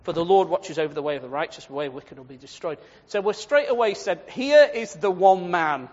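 A man preaching a sermon on the Psalms, lively and animated, acting out quoted voices and laughing at his own points. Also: high voice, brisk. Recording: dull lo-fi sound with long hall reverb.

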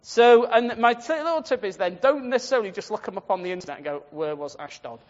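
A man's voice: very high voice, lively intonation, quick pace. A man giving a chatty, rambling Bible study talk, often turning to his listeners directly. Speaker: Bible teacher. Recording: dull, muffled, long hall echo.

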